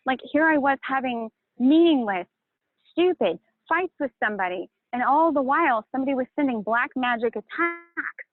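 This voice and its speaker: A woman's voice: high voice, expressive, fairly quick, dry recording. A woman talking emotionally and casually, swearing and rambling about a painful breakup. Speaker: channel host. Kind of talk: emotional confessional chat. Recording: tinny phone-like line, dry.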